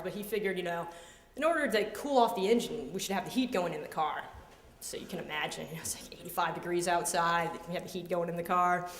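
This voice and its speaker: A woman's voice: fairly low pitch, slight background noise. Playful woman storyteller in an echoey hall. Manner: playful, self-amused, acts out voices. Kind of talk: personal story told live on stage. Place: live storytelling venue.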